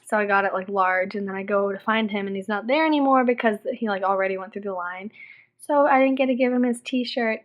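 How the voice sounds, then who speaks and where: A woman's voice: medium pitch, brisk, muffled recording. A young woman from Texas telling stories animatedly in a casual video diary, saying "like" often. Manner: animated storytelling, heavy use of "like". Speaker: vlogger.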